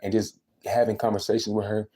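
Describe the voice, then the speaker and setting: Fast-talking young man venting on a livestream. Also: lowish voice, little pitch movement, mellow. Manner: venting, emphatic, repeats himself. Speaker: livestreaming vlogger. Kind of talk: casual livestream rant.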